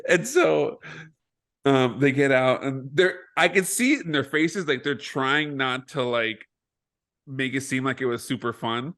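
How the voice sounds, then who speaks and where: A young man on a podcast telling a self-mocking story in an animated way, swearing and laughing as he goes. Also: mid-range voice, measured pace. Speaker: podcast co-host. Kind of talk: casual storytelling.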